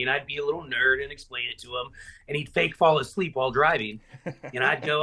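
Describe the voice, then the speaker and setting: Gravelly man telling stories. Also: medium pitch, a little fast. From Middle Tennessee. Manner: rambling, filler-heavy, animated when retelling stories. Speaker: guest, professional wrestler. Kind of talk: casual podcast storytelling.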